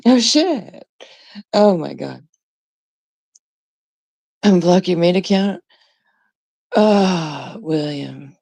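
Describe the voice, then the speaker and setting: Middle-aged woman streamer, unhurried and gravelly, laughs and swears freely, greets chat by name. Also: fairly low pitch, lively intonation, warm tone, no room sound. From Canada. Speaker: livestreamer. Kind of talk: casual live-stream chat.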